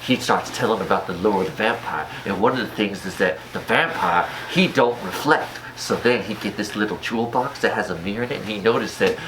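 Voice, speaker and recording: A man's voice: fairly low pitch, a little fast, few pauses, noisy background. A man giving a comedic movie review in a playful, slangy way, full of jokey asides.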